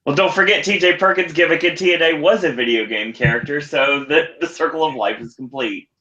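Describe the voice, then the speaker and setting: A man's voice: a little high, a little fast, bright, forceful tone, muffled recording. A man co-hosting a wrestling podcast, making wry, trivia-laden remarks in casual chat. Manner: wry, nerdy trivia asides. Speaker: podcast co-host.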